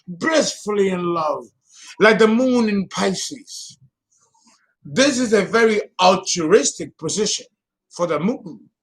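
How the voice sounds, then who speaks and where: High, bright-voiced dramatic man. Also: creaky. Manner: dramatic, theatrical, swings between loud bursts and low murmurs; emotional, swears casually. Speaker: astrologer. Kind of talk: casual vlog monologue.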